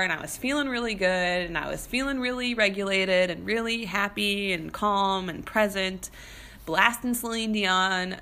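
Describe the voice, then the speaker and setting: A young woman telling a story in a casual monologue, animated and chatty, with many fillers and restarts. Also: mid-range voice.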